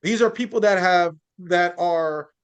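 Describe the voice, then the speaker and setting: A man's voice: sits high, measured pace, clean tone. A man speaking as a journalist guest in a podcast interview, earnest and building his points through lists and frequent restarts.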